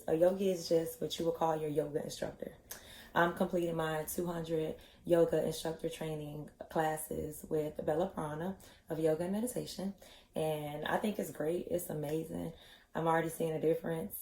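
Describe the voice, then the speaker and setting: A woman talks to her camera in an easy, candid way, peppering her speech with fillers. Her voice sits low and mellow. The room around her is echoey. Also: a little hiss or hum. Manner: chatty, candid, many "you know" fillers. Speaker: vlogger, yoga instructor trainee. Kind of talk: casual personal vlog.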